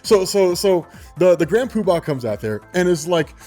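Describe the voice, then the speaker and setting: A man in his twenties telling a story on his own channel in a loose, animated way, laughing often and swearing freely. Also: high voice, normal speed, soft background music. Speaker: vlogger. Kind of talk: casual storytelling.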